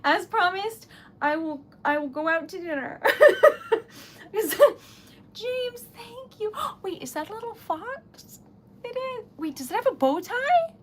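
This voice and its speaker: Flustered, teary high-voiced woman streamer. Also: sing-song, slow. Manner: flustered, laughing through tears, stammering; breathless gushing thanks. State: tearful and giggly. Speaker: livestreamer. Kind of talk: casual livestream chat.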